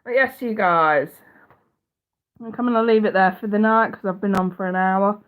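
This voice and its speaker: A woman's voice: medium pitch, normal speed, phone-quality sound. Woman w a bunged up nose, chatty psychic livestream, swears a lot, laughs a lot. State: blocked, stuffy nose. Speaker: psychic reader hosting a livestream. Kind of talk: casual livestream chat answering viewers.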